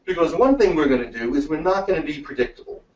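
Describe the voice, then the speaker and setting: A man giving a webinar talk as presenter, telling stories in a lively way and acting out the dialogue. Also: a little high, fast. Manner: lively storytelling, acts out dialogue. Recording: echoey, distant, dull room sound.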